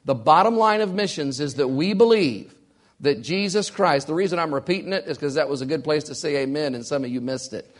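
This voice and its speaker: A man's voice: fairly high pitch, brisk. Emphatic preacher man. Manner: emphatic, repeats key lines for weight. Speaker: pastor. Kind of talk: sermon.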